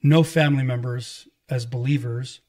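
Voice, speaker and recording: A middle-aged man, an evangelist, telling his life story in casual conversation, animated and acting out quoted dialogue. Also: medium pitch, moderate pace. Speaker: guest, evangelist and pastor.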